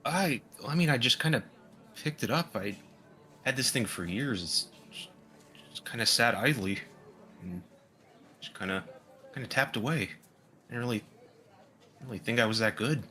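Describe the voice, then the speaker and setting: A man's voice: mid-range voice, expressive, normal speed, long pauses, pushed and bright, faint music behind. A man voicing a shy, hesitant young street drummer in a tabletop game. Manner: hesitant, stammering, self-deprecating.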